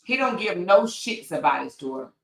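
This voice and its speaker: A woman's voice: on the low side, very animated, normal speed, vocal fry, fairly bright tone, reverberant, poor audio. A woman hosting her own show, delivering a heated commentary rant with blunt, profane language and repeated points for emphasis. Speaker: commentary host.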